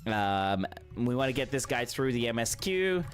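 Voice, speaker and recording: A man's voice: medium pitch, sing-song, moderate pace, faint music behind. A man streaming a game live, chatting casually in a friendly, encouraging way with lots of ums and restarts. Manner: friendly, encouraging, rambling with many fillers. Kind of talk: casual live-stream chat while playing.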